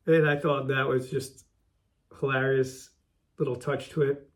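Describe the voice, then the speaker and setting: A man's voice: fairly high pitch, flat delivery, moderate pace, darkish tone. A man hosting his own show, casually recapping a favorite wrestling segment, often repeating and restarting his words.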